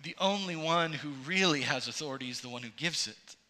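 Pastor, male, fairly high and very bright voice, emphatic expository preaching. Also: animated, a little fast. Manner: expository preaching, voice rising to emphatic peaks and dropping low. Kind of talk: sermon.

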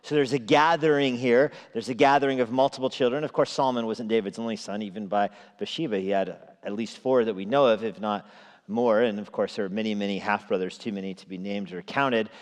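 A man's voice: on the low side, a little fast. Man preaching in a reverberant hall. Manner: conversational preaching with asides and chuckles. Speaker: pastor. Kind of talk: evening sermon. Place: church sanctuary. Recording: long reverb of a large hall.

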